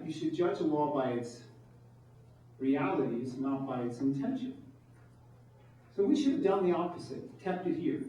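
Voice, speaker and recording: A man's voice: on the high side, warm tone. Man speaking from afar in an echoey room. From New York. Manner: emphatic, asks rhetorical questions. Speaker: political candidate. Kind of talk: campaign speech with audience questions. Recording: distant mic, echoey room, dull sound.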